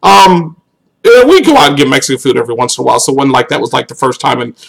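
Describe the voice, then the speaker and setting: A young American man casually answering viewer questions on a live stream, joking, laughing often and jumping to high exclamations. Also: expressive, rapid-fire, creaky, a bit bright, rough recording.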